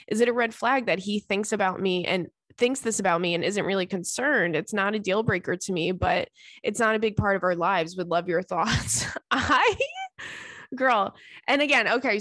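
A woman hosting a casual podcast, reading listener letters aloud and reacting with chatty asides. Her voice sits at an ordinary middle pitch and often tips into giggles. The recording is close and dry, with no room sound. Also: fairly bright tone, no echo. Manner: giggly, breaks into laughter often. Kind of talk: casual chat.

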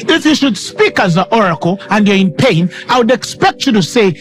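A man's voice: high voice, very animated, normal speed, faint music behind. A man preaching a sermon with emphatic delivery, repeating lines for stress and quoting scripture dramatically.

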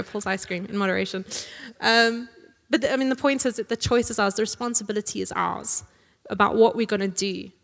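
A woman's voice: mid-range voice, brisk, gravelly. Woman preacher, casual conversational sermon with jokey asides, long hall reverb. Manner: conversational, tag questions, jokey asides with laughs.

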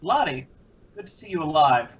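A man's voice: on the high side, sing-song, normal speed, highs cut off, slight background noise. A man playing a stiff, formal alien who says this one. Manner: formal, stilted, hesitant. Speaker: player. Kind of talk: in-character tabletop role-play.

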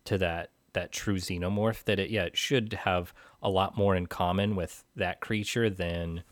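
Deep-voiced man discussing films. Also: steady tone, normal speed, no echo. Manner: thoughtful, rambling with fillers. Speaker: film podcast co-host. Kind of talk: casual film discussion.

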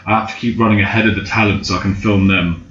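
Young man, low-ish voice, rambling storyteller with swearing, in a roomy room on a slightly dull recording. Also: fairly even intonation, quick pace, a bit bright. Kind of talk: casual chat.

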